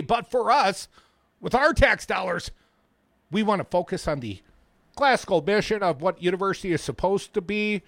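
A man putting on a whiny impression of a male politician, halting and complaining. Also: high-pitched, dry recording.

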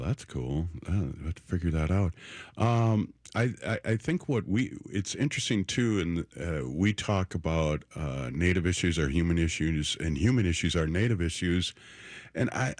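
A man hosting a casual radio interview, relaxed and hesitant with many fillers. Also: deep voice, normal speed, dry recording. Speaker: radio show host.

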